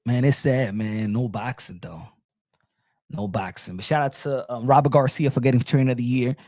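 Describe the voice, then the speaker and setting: A man's voice: medium pitch, fairly even intonation, moderate pace, darkish tone, no room sound, studio quality. A man hosting a boxing channel, chatting casually and rambling, often repeating his points.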